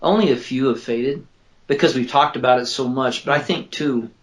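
A man in his fifties, an author and father, telling a personal story in an earnest, halting way that repeats words when he is moved. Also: medium pitch. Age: 50s. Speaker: author and father interviewed about his book. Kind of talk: emotional personal storytelling in an interview. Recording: roomy echo.

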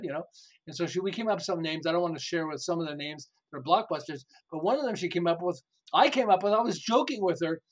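Older male author guest, high-pitched, animated storyteller, chuckles through anecdotes. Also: quick pace, breathy edge, poor audio. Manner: animated, laughs often, acts out quotes. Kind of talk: enthusiastic storytelling interview.

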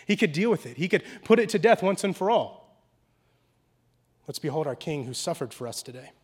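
A man with a high, light voice preaching a sermon. He talks in a casual, conversational way, drops in slang, and moves between hushed, intimate stretches and loud, animated bursts. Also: brisk, slightly rough. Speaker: pastor.

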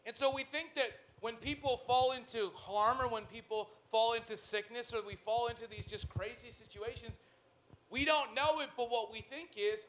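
A male pastor preaching a sermon in an animated way, with joking asides, swinging from loud to hushed. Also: extremely high pitch, moderate pace.

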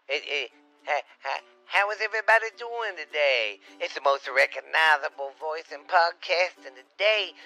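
A man's voice: a little high, lively intonation, moderate pace, pushed and bright, faint music behind, voice pushed up, heavily acted, poor audio. A man playing a brash, proud, middle-aged Louisiana uncle who talks in boastful slang and rhyming catchphrases, with a slightly sore voice, as a comic podcast monologue. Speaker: comedy podcast character.

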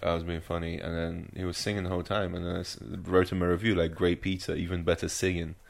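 Gravelly low-voiced man chatting. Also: little pitch movement, fast. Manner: laid-back, swearing, dry storytelling. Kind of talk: casual chat.

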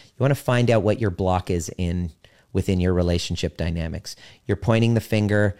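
A man talking as a relationship coach, earnest and blunt, swearing for emphasis and slowing down to stress his key points. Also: low voice, a little mellow. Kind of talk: motivational talk to listeners.

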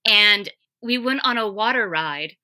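A woman's voice: mid-range voice, animated, a little slow, bright, forceful tone. A woman, candidly telling a wry story in a casual podcast chat. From US South.

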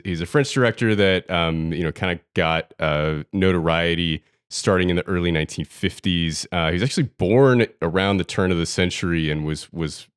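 A man hosting a film podcast, explaining at length in a relaxed way with some fillers. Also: deep voice, no room sound, clean studio sound. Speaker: podcast host. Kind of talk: casual podcast discussion.

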